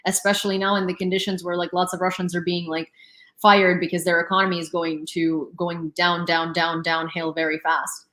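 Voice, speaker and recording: A woman's voice: on the low side, level tone, moderate pace, a bit bright, reverberant, faint music behind. A young woman from Lviv chatting casually on stream in a rambling, exasperated way, full of fillers. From Ukraine (Lviv). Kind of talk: casual chat.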